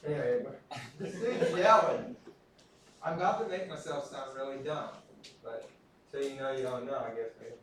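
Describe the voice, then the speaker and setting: A man's voice: mid-range voice, fairly quick, far from the mic, a little hiss or hum. Guy teaching a class, loose and joking on himself, super echoey room, mic way off. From Texas. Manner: casual, self-deprecating, chatty. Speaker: instructor. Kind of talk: classroom lecture with storytelling.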